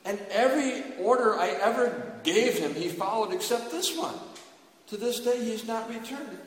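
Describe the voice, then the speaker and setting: A man's voice: very high-pitched, animated, moderate pace, pitched above the performer's own voice. A man voicing a heartbroken elder brother who laments tearfully. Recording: echoey hall, far from mic.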